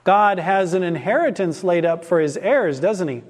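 A man's voice: high-pitched, lively intonation, moderate pace, long reverb tail. A man preaching an expository sermon in a church, asking rhetorical questions and stressing key words.

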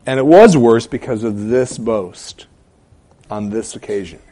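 A man preaching a sermon as pastor, with emphatic stresses, quiet asides and hesitant fillers between phrases. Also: medium pitch, unhurried.

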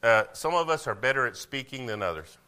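A man preaching a sermon, shifting between quiet asides and loud, emphatic declarations. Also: medium pitch, animated, brisk, smooth. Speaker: pastor.

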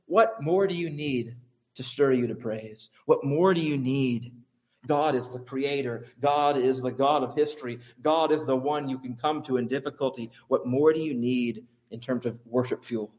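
A man preaching a sermon, building to high, emphatic peaks and repeating phrases for stress. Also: normal speed, a little mellow. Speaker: pastor.

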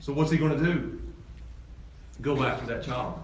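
A man preaching a sermon as pastor, animated, swinging from loud excited peaks to low emphatic lines. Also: normal speed. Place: church sanctuary. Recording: echoey church hall from far off, faint ambience.

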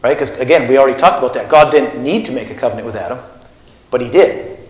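A man's voice: medium pitch, fast, reverberant, rough recording. A man preaching a teaching sermon, putting questions to his congregation. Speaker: pastor. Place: church.

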